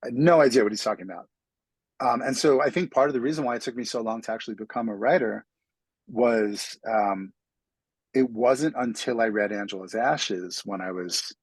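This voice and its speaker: Guest author from New York, lower voice, husky, dry close sound. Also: male voice, no echo, poor audio. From New York City. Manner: self-deprecating storyteller with frequent restarts. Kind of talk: casual interview conversation.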